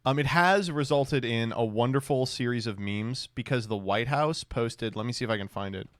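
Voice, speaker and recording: A man doing casual commentary on a stream, reacting to clips with deadpan sarcasm and mock enthusiasm. His voice sits in a middle pitch. It is recorded close and dry, with no room sound. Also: moderate pace, no echo.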